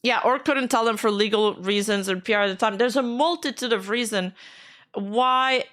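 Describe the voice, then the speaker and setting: A woman's voice: a little high, fairly bright tone. A woman streamer giving casual commentary while reading out posts, skeptical and frustrated, speaking bluntly and swearing now and then.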